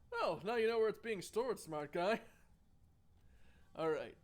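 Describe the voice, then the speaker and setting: A man's voice: high-pitched, animated, a little fast. A man streaming a game, chatting with viewers in a joking, sarcastic way and reading the game's text aloud. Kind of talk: casual let's-play commentary, reading game text aloud. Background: faint game music.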